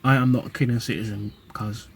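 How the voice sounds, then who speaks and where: A man's voice: mid-range voice, steady tone, fast, a little hiss or hum. A young man from the UK and Nigeria, talking casually and animatedly to camera in street slang. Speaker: vlogger. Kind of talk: casual vlog monologue.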